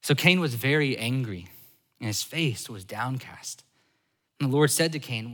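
A man preaching a sermon as a pastor, animated, switching between loud emphasis and soft asides. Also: mid-range voice, normal speed, in a large hall.

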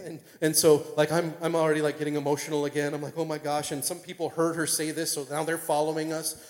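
A fairly high-voiced man tells a personal story to a crowd, tumbling through his words with excitable fillers and restarts. He speaks as a pastor. The long reverb of a large hall trails every phrase. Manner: excitable, rambling with many fillers. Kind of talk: emotional personal storytelling to an audience.

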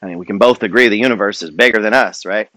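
A man's voice: on the low side, fast, bright, forceful tone, dry recording. A man giving a motivational monologue as a wealth and trading coach, emphatic and preacher-like, swearing freely.

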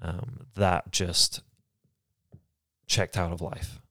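A man from England, co-hosting a podcast and talking candidly about his life in a reflective, halting way. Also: deep voice, little pitch movement, no echo, studio quality. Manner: reflective, halting, soft-spoken. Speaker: podcast co-host. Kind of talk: candid personal conversation.

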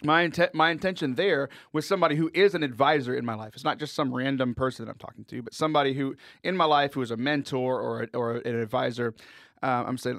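A man's voice: mid-range voice, brisk, fairly bright tone, dry recording, clean studio sound. A man hosting a radio talk show, chatting casually and earnestly with frequent laughs. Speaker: radio host. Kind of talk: casual chat.

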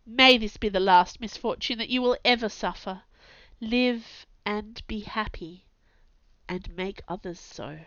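A woman reading the lines of a gentle, resigned young man condemned to die, in a tender and earnest way. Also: mid-range voice, a little slow, no room sound, dull audio. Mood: tender farewell.

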